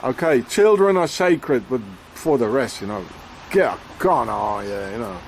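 A man delivering an angry, rambling rant outdoors in the rain, swearing often and filling every pause with "you know" and "eh?". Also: mid-range voice, lively intonation, slight background noise.

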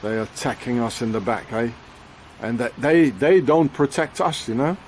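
A man delivering an angry, rambling rant outdoors in the rain, swearing often and filling every pause with "you know" and "eh?". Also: medium pitch, a little mellow, a little hiss or hum.

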